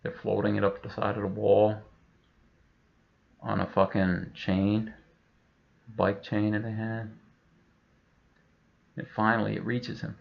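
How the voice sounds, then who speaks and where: A man's voice: on the low side, monotone, slow pace, vocal fry, pauses often, muffled recording. A man telling a rambling, profane comic story, full of fillers. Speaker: comedian.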